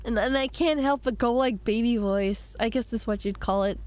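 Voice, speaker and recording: Casual woman game streamer, slightly hoarse, playful and giggly, a touch high-pitched. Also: normal speed, darkish tone, no echo.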